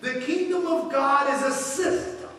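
A man's voice: extremely high pitch, unhurried, pushed and bright. A man preaching a fervent sermon as pastor, with call-and-response in a church. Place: church sanctuary. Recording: echoey hall from far off.

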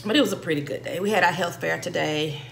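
A woman's voice: lowish voice, fast talker, gravelly, slight background noise. A woman, chatting casually as she eats on camera, telling stories with laughing asides. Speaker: vlogger eating on camera. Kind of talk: casual mukbang chat.

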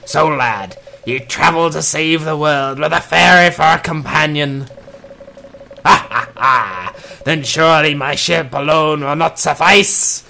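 A man voicing a boastful old male pirate sea captain in a fan dub of a game, with a gravelly voice and a hearty pirate manner. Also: fairly high pitch, a little slow, bright, forceful tone, a little hiss or hum, heavily acted. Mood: jolly boastful. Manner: pirate talk with "arr" and "ye", hearty laughs.

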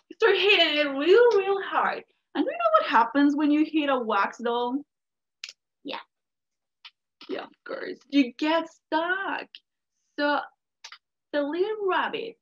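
A woman's voice: high-pitched, fairly bright tone. A woman from Mexico, a native Spanish speaker, telling a folk tale expressively and asking the listeners questions. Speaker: storyteller. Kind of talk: animated storytelling to an audience. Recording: dull lo-fi recording.

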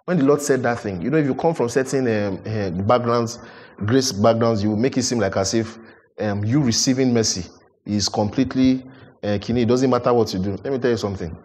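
A male preacher delivers a sermon in an animated, questioning way. His voice sits at a medium pitch and swells to emphatic peaks as he presses his listeners. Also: fairly quick.

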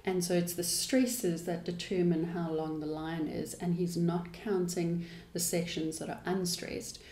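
A woman's voice: lowish voice, steady tone, a little slow, mellow. A woman, an English teacher explaining a poem in a thoughtful, explanatory way. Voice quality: thoughtful, explanatory manner with restarts. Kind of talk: poetry lesson. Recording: echoey room.

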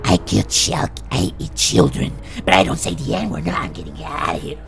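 A man's voice: lowish voice, huge pitch swings, normal speed, vocal fry, music in the background, pitched below the performer's own voice, heavily acted. Man doing a growly child-eating monster. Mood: menacing.

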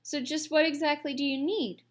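A stubborn old beaver dad, as a woman reading puts him on grumbles and mutters as he talks. His tone is gruff and set in its ways, but not unkind. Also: high voice, fairly even intonation, normal speed, voice pushed up, natural voice. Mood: grumbling. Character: grumbling stubborn male beaver, middle-aged father.

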